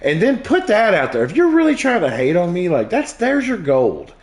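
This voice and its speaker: A man, a comedian hosting a stream, tells crude jokes and stories in relaxed, profane chat. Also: high voice, moderate pace. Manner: crude, profane joke-telling. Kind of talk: casual storytelling chat.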